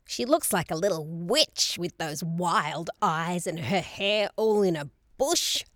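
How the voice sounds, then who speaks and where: A woman's voice: on the low side, expressive, takes it slowly, fairly bright tone, no echo, studio quality. Woman doing a razor-voiced old grandmother. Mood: disdainful. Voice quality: cutting, razor-edged. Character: cold sharp-tongued old grandmother.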